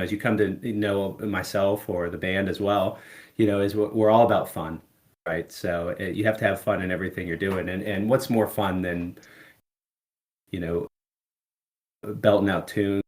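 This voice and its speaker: A middle-aged man speaks as a musician guest in a loose interview. His voice sits very low, and he talks in long, rambling runs padded with fillers. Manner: relaxed, rambling, many "you know" fillers. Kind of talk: casual interview chat.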